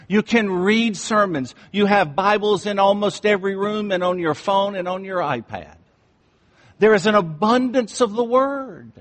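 Slow, deliberate preacher man in a reverberant hall. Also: fairly high pitch. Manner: slow and deliberate, dropping to near-whispers for emphasis. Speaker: pastor. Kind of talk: sermon. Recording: long reverb in a large room.

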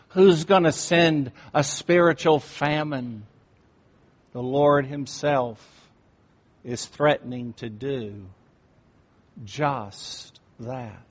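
Slow, deliberate preacher man in a reverberant hall. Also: on the high side. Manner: slow and deliberate, dropping to near-whispers for emphasis. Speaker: pastor. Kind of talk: sermon. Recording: long reverb in a large room.

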